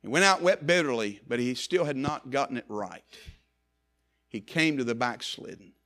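Preaching with passion at a moderate pace, a man sounds expressive as he climbs to loud emphasis and then drops to quiet, low stretches. Certain phrases come back again and again for effect.

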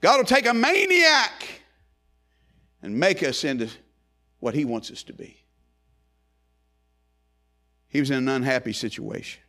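This sermon is very animated yet measured in pace, with long pauses. The man shifts from loud rising calls to hushed low lines, repeating phrases in a building rhythm.

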